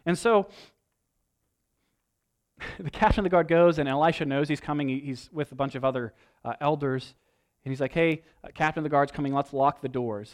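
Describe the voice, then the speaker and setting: A man delivers a sermon in a somewhat higher voice. He tells the scripture story with animated energy and pushes up to emphatic peaks. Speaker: pastor.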